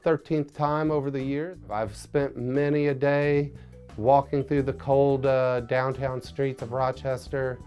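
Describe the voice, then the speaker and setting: A male comedian with a Southern Indiana twang, talking slowly and wryly. His voice sits a little high for a man, and faint music plays behind him. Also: darkish tone. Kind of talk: stand-up comedy and casual interview.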